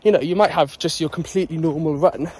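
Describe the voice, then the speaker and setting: A man's voice: on the high side, quick pace, a little mellow, breathy edge. A man vlogging on a dog walk, rambling casually and a bit out of breath as he jogs. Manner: rambling, chatty, talking while jogging. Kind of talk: casual vlog chat.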